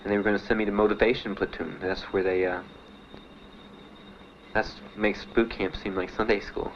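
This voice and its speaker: Older man, interviewee, halting and plain, fillers throughout; dull, slightly noisy archival audio. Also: on the low side, flat delivery. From Miami. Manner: plain, halting storytelling with many "uh"s and "you know"s. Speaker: Vietnam veteran interviewee. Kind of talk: personal recollection in an interview.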